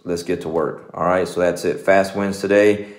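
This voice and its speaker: In an echoey room, a jiu-jitsu coach in his forties gives a loose, conversational motivational talk peppered with "man" and "you know." His voice is deep and steady, and he speaks at a normal speed.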